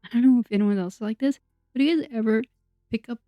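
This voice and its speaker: A woman's voice: a little high, fast, no echo. A young woman YouTuber chatting casually over a video, rambling and self-deprecating, with lots of fillers and laughs. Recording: dull, dry sound under soft music.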